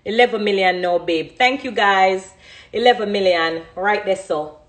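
A woman's voice: medium pitch, normal speed. A Jamaican woman in her thirties chatting casually on a phone live stream, reading out comments from viewers. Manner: chatty, reads out comments, animated.

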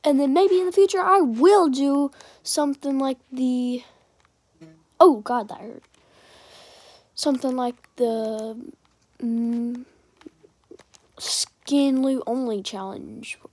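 A young woman chatting over her gameplay in a loose, rambling way, often stopping to remind viewers to like and subscribe. Her voice sits a little high. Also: takes it slowly, long pauses, a little mellow, no room sound. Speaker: gaming channel creator. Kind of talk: casual gameplay commentary.

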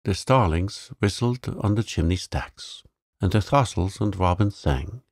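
A man reading a bedtime sleep story in a calm, soothing, gravelly voice. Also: low-pitched, a little slow, no echo, studio quality. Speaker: narrator.

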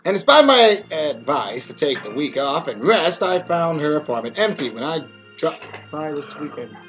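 Gamer reading a story game aloud, lively pitch, cussing asides, lo-fi with music. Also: moderate pace. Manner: swears a lot, laughs, animated asides. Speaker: game player.

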